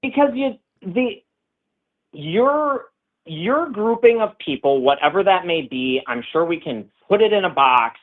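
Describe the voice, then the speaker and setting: A man's voice: high-pitched, lively intonation, measured pace. Dismissive man on a tinny line. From Minnesota. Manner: dismissive, repetitive questioning. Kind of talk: argumentative debate.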